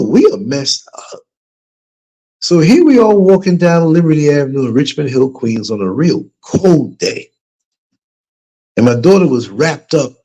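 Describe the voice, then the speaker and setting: A middle-aged man hosting a livestream, telling a story casually and putting on higher voices for the people he quotes. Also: warm tone. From United States. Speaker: livestream host. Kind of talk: casual storytelling to a live chat.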